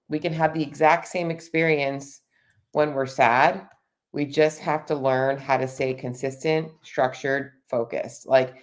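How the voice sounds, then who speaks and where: A woman with a low voice talks through a live coaching chat. She is earnest and restarts her phrases often, repeating words as she works out what she means. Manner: earnest, repeats words while searching for them.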